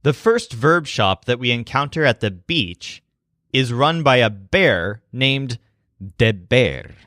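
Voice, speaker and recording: A man narrating a language lesson in a clear, explanatory way. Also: mid-range voice, lively intonation, takes it slowly, sharp tone, no echo, studio quality. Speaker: language teacher.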